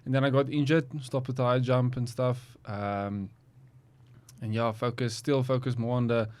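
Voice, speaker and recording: Casting: young athlete, smooth voice, relaxed and hesitant. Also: male voice, mid-range voice, moderate pace. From South Africa. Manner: relaxed, hesitant with many ums. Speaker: athlete guest. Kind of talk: casual interview chat.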